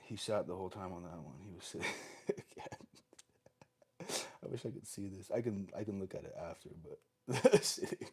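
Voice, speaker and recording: Low husky man with a stuffy nose. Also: brisk. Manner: relaxed, talks softly to the dog between explanations. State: stuffy nose, short of breath. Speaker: dog trainer. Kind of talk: casual explaining during live training Q&A.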